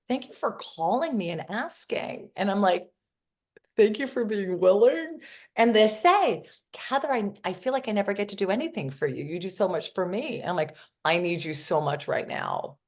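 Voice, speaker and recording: A woman's voice: on the low side, normal speed. A woman guest on a podcast interview, telling personal anecdotes earnestly and acting out the other people in them. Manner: earnest storyteller who acts out the other people in her anecdotes. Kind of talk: casual conversational interview.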